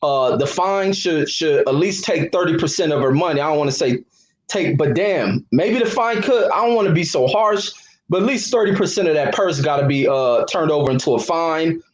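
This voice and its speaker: A man co-hosting a boxing talk stream, chatting casually and haltingly with repeated starts. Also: on the high side, animated, rough recording. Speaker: co-host. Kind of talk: casual chat.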